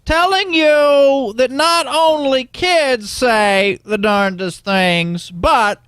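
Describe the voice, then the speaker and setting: Somebody doing a slow drawly old celeb guy impression, high and swoopy, dry sound. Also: a bit bright, clear, resonant tone, no room sound, exaggerated voice. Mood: teasing. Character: rambling older male celebrity impression. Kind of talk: comic impression sketch.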